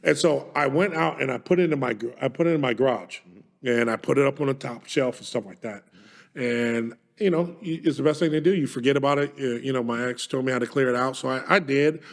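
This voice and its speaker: A man's voice: medium pitch, a little fast, vocal fry. A man co-hosting a podcast, telling stories in casual chat, swearing often and speaking with emphasis. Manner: profane, storytelling, emphatic. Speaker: podcast co-host.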